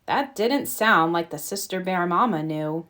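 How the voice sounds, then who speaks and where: A woman narrating a children's storybook aloud in a gentle, expressive way. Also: fairly low pitch, measured pace. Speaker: storybook reader.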